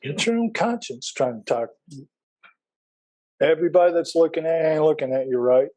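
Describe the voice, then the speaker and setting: A middle-aged man with a slightly high yet dark, mellow voice leads a Bible class in a folksy, animated way at a moderate pace. He drifts into personal anecdotes and tosses questions to the class, though the audio quality is poor.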